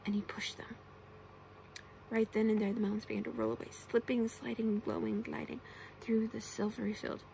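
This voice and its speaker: Brief: young woman, whispered role-play storyteller, soft hushed reading, a touch high, faint hiss behind. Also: level tone, moderate pace, gravelly, poor audio. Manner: soft, often whispered reading with playful character voices. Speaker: ASMR storyteller.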